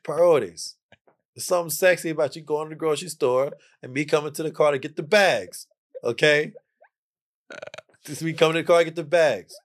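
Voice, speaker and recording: With a fairly high voice and a fairly quick pace, this jazz-musician guest on a laid-back podcast delivers a playful lecture to his audience, driving points home by saying phrases again.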